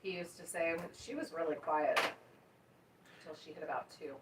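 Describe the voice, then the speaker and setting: A woman's voice: sits low, expressive, moderate pace. A woman chatting casually and teasing her husband at home. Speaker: homesteading vlogger. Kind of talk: casual chat. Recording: roomy, distant, noisy home recording.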